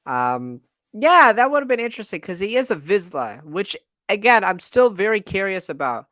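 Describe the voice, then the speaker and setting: A man's voice: high-pitched, very animated, normal speed, sharp tone, no echo, studio quality. A man co-hosting a fan podcast in casual, enthusiastic chat with many fillers. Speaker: podcast co-host.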